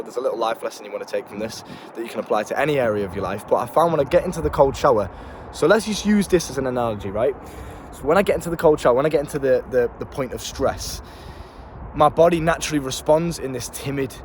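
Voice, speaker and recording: A young man talking casually to camera as a self-improvement coach, blunt and slangy, swearing and repeating words, with faint street noise behind him. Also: medium pitch. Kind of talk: casual motivational talk to camera. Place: outdoors in town.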